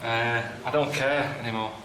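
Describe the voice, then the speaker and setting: A man giving grumbling, deadpan travel commentary outdoors, moaning and complaining as he goes. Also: medium pitch, moderate pace, background noise. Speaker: traveling presenter.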